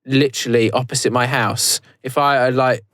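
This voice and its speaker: A British man co-hosting a podcast, talking in a loose, rambling way and often breaking off to restart a sentence. His voice is mid-pitched and sounds close and dry, with little room around it. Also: steady tone, normal speed, fairly bright tone, dry recording. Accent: British English. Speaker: podcast co-host. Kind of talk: casual podcast chat. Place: recorded live in a converted prison.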